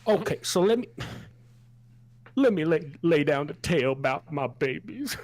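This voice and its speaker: A man's voice: fairly high pitch, lively intonation, normal speed, close to an everyday voice. A man putting on a drunk old farmer. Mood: rambling. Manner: folksy, rambling, drawling. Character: drunk old male sheep farmer, rustic and mournful.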